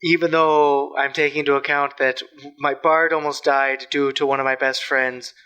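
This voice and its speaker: A man's voice: medium pitch, flat delivery, normal speed, sharp tone, smooth, dull audio. A man playing a tabletop game in a casual, joking and blunt manner. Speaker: player.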